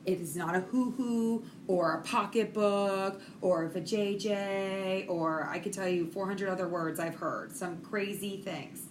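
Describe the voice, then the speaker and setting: A middle-aged woman instructor talks through a recorded lecture in a frank, conversational way, full of small fillers. Her voice sits at an ordinary pitch, with a faint noise behind it. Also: steady tone, a little slow, hardly any pauses. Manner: frank, chatty, with many fillers. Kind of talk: recorded lecture on child development.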